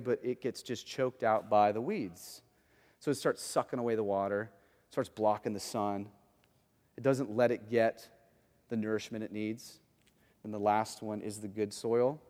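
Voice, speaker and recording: A man preaching a sermon in a lively, conversational way, often acting out voices as he explains. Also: a little high, in a large hall. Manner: animated, conversational, acts out quoted voices. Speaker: pastor.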